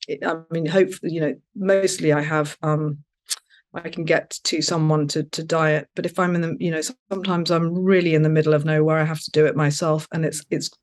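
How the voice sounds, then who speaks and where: Rambling woman, halting restarts. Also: low voice, flat delivery. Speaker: interview guest. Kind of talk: casual conversational interview.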